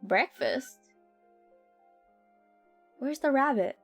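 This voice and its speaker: A woman's voice: sits high, big pitch swings, very slow, faint music behind, full character voice. Woman reading as a small sad child. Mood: wistful. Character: small sad child missing their mother.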